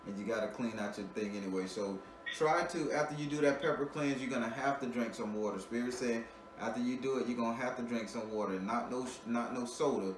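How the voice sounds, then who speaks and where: A man's voice: medium pitch, fairly quick. A man giving a spiritual reading to a client in a casual, joking way, talking bluntly and profanely, laughing often and repeating words as he restarts. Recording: roomy, distant mic with ambient noise.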